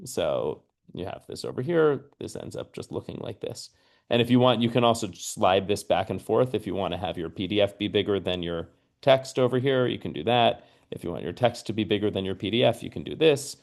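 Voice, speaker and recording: Patient man teaching software step by step. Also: fairly low pitch. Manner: patient, explains step by step with frequent "okay?" checks. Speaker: mathematics teacher trainer. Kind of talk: screen-share lesson.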